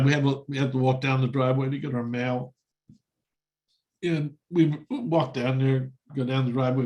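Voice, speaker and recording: Man telling a lively anecdote. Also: mid-range voice, poor audio. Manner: animated anecdote with quick acted-out quotes of others. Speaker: guest speaker. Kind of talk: storytelling talk to a meditation group.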